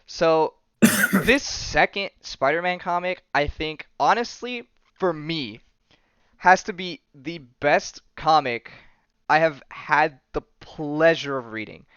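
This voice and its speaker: A man's voice: a little high, lively intonation, slow pace, a bit bright, clear, resonant tone, dry recording, highs cut off. A man hosting a podcast, recapping comics in casual chat full of fillers and restarts. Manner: rambling, many fillers and restarts. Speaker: podcast host.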